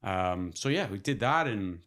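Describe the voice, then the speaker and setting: Laughing often and swearing freely, a Canadian podcast guest shares stories in a loose, animated manner. He has a lowish voice and talks a little slowly.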